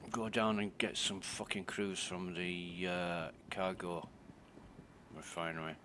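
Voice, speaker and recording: A man's voice: low voice, little pitch movement, slow, pushed and bright, a little hiss or hum. A man commentating casually on his gameplay, thinking aloud, muttering and swearing. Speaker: game streamer.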